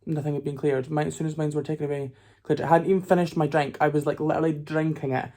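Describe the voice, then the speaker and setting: Fast-chatting young guy vlogging. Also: fairly high pitch, steady tone, dark tone, dry recording. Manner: chatty, rambling, lots of fillers. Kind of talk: casual travel vlog talk.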